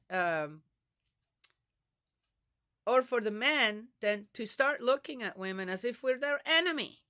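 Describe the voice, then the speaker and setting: An older woman speaks slowly to her viewers in a bright, clear voice. Her pitch sits low, yet it rises and falls a great deal. She talks frankly and chattily, with soft laughs. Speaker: vlogger. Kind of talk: casual talk to camera.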